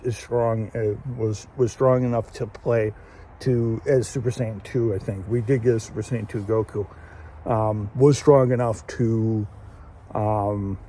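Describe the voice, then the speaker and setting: Male host, casual solo review, mellow tone, rambling with lots of restarts, faint background noise. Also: lowish voice. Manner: rambling, many fillers and restarts, laughs while retelling. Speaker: show host reviewing an anime episode.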